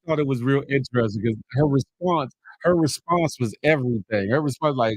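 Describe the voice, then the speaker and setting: A man hosting a casual live morning show, chatting with viewers, laughing often and animated as he reads their comments. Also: mid-range voice, brisk, no echo, rough recording. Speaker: livestream morning show host.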